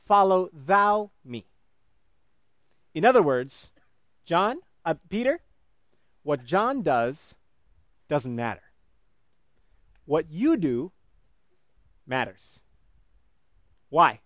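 A male preacher with a high, lively voice that leaps between soaring peaks and low, quiet drops. He preaches in an animated way, acting out voices in the stories he tells. The sound is dry and close, with no room echo. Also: drawn-out words, pauses often. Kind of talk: sermon.

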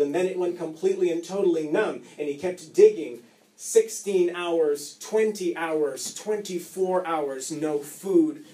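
A male pastor delivering a sermon, telling a story dramatically with rising repetition and long pauses. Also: fairly high pitch, dark tone.

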